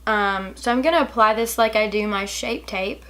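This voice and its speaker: A woman's voice: mid-range voice, normal speed, fairly bright tone. A young woman reviewing makeup in a chatty, gushing way, hiccuping as she talks. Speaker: beauty vlogger. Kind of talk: casual product review.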